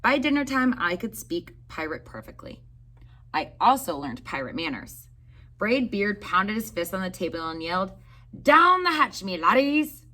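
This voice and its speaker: A woman teacher reading a picture book aloud to young children in an expressive storytelling way. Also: on the low side, moderate pace.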